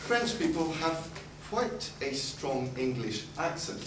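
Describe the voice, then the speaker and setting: Speaking slowly, with a highish voice and big swings in pitch, a man delivers a formal competitive debate speech packed with sarcastic, ironic jabs. The sound comes from a distance in an echoey debate hall, with noise in the background.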